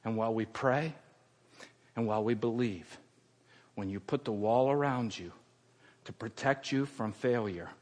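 Middle-aged preacher in a reverberant hall. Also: male voice, fairly low pitch, unhurried, pauses often. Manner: swings from raised emphatic preaching to hushed, near-whispered delivery. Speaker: pastor. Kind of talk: sermon.

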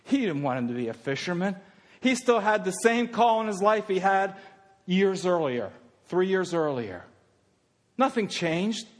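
A male pastor preaching a sermon, swinging from loud fervent passages to hushed, intimate ones. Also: sits high, very animated, a little slow, big-room sound.

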